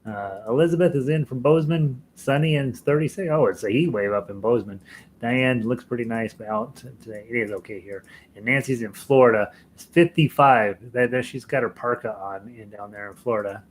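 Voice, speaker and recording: A man's voice: medium pitch, brisk, slight background noise, poor audio. An American man hosting a live ukulele lesson stream, chatting casually with viewers, chuckling often and rambling with fillers and restarts. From United States.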